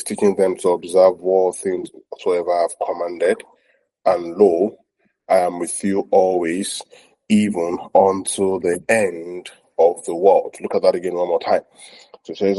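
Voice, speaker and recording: A man's voice: low voice, dark tone, rough recording. A man preaching a teaching sermon, repeating points and checking in with listeners, with many fillers. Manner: repetitive, checks in with listeners often. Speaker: pastor.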